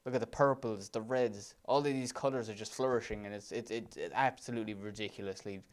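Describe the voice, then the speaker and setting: Enthusiastic Irish man with a smooth voice. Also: fairly low pitch, steady tone, fast. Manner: enthusiastic, gushing with praise. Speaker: let's play commentator. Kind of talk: gameplay commentary over footage.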